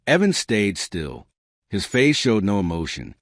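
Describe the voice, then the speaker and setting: A man narrating a science fiction story with steady, scripted delivery. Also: on the low side, measured pace, no echo, clean studio sound.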